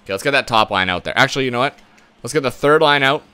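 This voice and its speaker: A young man commentating his own game as he plays, his voice swinging widely in pitch from low mutters to sudden yells. His tone is bright and forward, and he swears freely when things go wrong. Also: animated, racing, clean tone. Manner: frustrated, swears often, loud outbursts. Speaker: gaming channel host. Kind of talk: live gameplay commentary.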